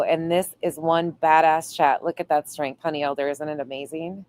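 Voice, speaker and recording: Woman host, deep voice, reads chat aloud, playful cussing. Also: level tone, moderate pace, a little mellow. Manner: reads viewer comments aloud, swears playfully. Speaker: livestream host reading chat. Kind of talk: casual livestream chat.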